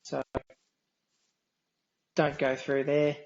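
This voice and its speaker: An Australian man with a nasal, droning voice talks through a game at a slow, even pace. His delivery is dry and wry, with little rise and fall in pitch, and his voice sits a touch high. The stream audio sounds dull and lo-fi. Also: creaky, slight background noise. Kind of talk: casual gameplay commentary.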